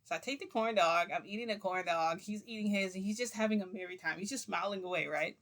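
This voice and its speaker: A woman's voice: mid-range voice, quick pace, a bit bright. A young woman vlogger telling viewers a story in casual, rambling talk, full of "like" fillers.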